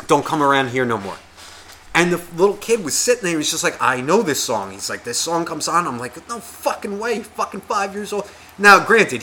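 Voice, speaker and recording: Podcast co-host, male, bright tense voice, profane, rambling anecdote with voices thrown in. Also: a little high, a little hiss or hum. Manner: heavy swearing, rambling, animated retelling with acted quotes. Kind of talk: casual storytelling chat.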